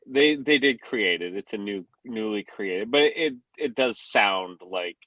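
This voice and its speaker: A man on a podcast co-host panel, talking casually and excitedly, often breaking into laughter. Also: lowish voice, a little slow, crowd noise, low-quality recording. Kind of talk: casual fan discussion.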